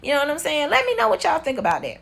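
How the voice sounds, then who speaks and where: A woman in her forties telling a storytime vlog in a blunt, profane, animated way. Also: high voice, racing, gravelly. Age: 40s. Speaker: vlogger. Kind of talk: casual storytime monologue.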